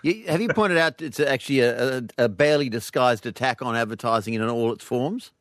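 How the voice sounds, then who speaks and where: A man's voice: mid-range voice, fairly quick, fairly bright tone, dry recording, clean studio sound. A man hosting a casual comic chat, asking playful, teasing questions. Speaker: host.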